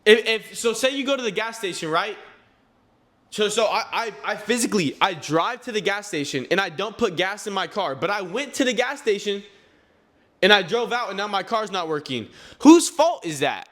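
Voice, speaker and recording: High-voiced earnest young man preaching. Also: moderate pace, pushed and bright. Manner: earnest and preachy, often repeats words and restarts, addresses viewers as guys. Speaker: clothing brand owner and vlogger. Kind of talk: faith-driven motivational talk to camera.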